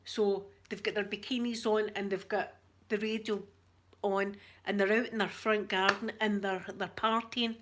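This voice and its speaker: A woman's voice: mid-range voice, flat delivery, normal speed, a bit bright, a little hiss or hum. A middle-aged Scottish woman from Scotland, chatting casually to her viewers as an ASMR vlogger and telling stories in a talkative way. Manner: chatty storyteller, addresses viewers as "yous".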